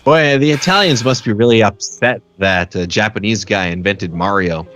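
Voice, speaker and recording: Deadpan man with a lowish voice. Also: normal speed. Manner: dry, deadpan one-liners. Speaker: co-host riffing on a film. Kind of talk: casual comedic riffing.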